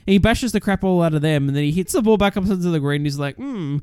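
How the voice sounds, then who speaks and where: A man, chatting casually about a film as a podcast co-host, animated and swearing, acting out quotes. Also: fairly high pitch, rapid-fire, clean tone, dry recording, clean studio sound. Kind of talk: casual film review chat.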